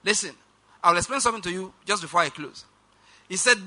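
Male preacher, high and very bright voice, emphatic sermon delivery, drawn-out scripture reading, quick asides to the congregation. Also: lively intonation. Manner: emphatic, slows down for quoted scripture; rushed asides, calls on congregation to repeat.

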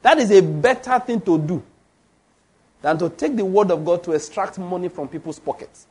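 A man's voice: high-pitched, normal speed, darkish tone, slightly rough. A man preaching a sermon with emphasis, often putting questions to his congregation.

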